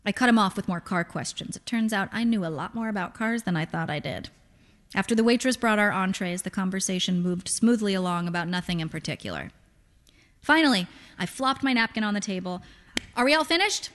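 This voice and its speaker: A woman's voice: mid-range voice, brisk. A woman narrating literary fiction in a dry, wry storytelling manner. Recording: long hall reverb.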